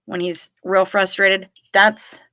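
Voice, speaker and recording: Chatty woman streamer rambling thru a story, bright voice, dry close sound. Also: medium pitch, level tone, takes it slowly, dry recording. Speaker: livestream host. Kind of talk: casual chat with live chat.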